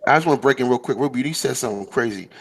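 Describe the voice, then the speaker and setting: Blunt fast-talking man. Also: medium pitch, crowd noise. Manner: blunt, profane anecdote telling. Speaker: panel guest. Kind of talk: live discussion, storytelling.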